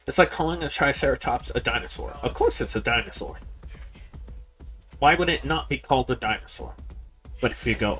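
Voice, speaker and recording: A man's voice: medium pitch, lively intonation, fairly quick, faint music behind. A man giving casual, rambling commentary while playing a game, often repeating words and talking straight to his viewers. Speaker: game streamer. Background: people yelling in the background.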